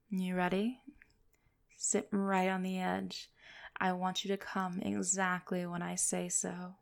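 A woman speaking in a commanding, teasing way for an erotic hypnosis role-play, breaking into soft low laughs. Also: creaky. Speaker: dominant hypnotist persona.

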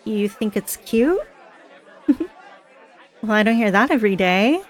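A woman's voice: medium pitch, expressive, unhurried, a faint crowd, lightly acted. A woman playing a chatty, giggly party girl. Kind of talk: scripted audio role-play.

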